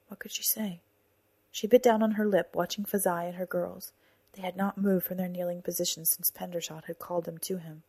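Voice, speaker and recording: A woman in her thirties narrating a story for her podcast, calm and measured. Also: lowish voice, slightly rough. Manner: calm, soft-spoken and measured. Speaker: author and narrator of a fiction podcast.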